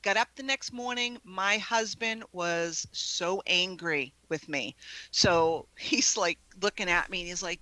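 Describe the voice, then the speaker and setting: A woman with a New England accent, an author telling a ghost story with lively acted-out quotes in a radio interview. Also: lowish voice, measured pace, dry recording, rough recording. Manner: animated storyteller, acts out quotes. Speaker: paranormal investigator and author.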